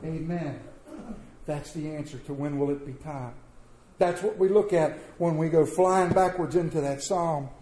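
A high-pitched male pastor preaches to his congregation in a roomy church, the sound echoing around him. His tone is mellow rather than bright, and he swings between loud, emphatic bursts and hushed, soft-spoken asides. Give it a warm, unhurried sermon feel.

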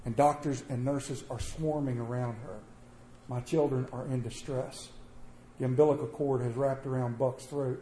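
A middle-aged man telling a personal story to an audience in a folksy, animated way. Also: mid-range voice, moderate pace, slight background noise. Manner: folksy, animated, with a rural drawl in his wording. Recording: echoey room with faint ambience.

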